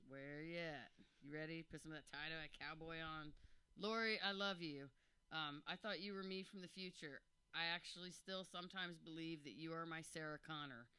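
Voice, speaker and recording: A man's voice: fairly high pitch, brisk, pushed and bright, clean tone. A man in his forties, overwhelmed and joking, rambling through thank-yous to friends at his birthday roast. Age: 40s. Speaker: birthday roast guest of honor.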